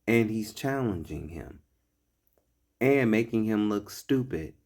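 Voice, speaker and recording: Slow, blunt, profane male commentator. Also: fairly low pitch, expressive, darkish tone. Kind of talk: reaction commentary on a clip.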